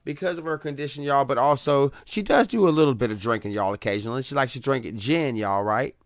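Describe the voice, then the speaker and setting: A man's voice: medium pitch, quick pace, dry recording, studio quality. A man with a Southern US accent hosting a live radio interview, folksy and chatty, calling out to listeners. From Deep South, US. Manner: folksy, keeps addressing listeners with y'all. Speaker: radio host.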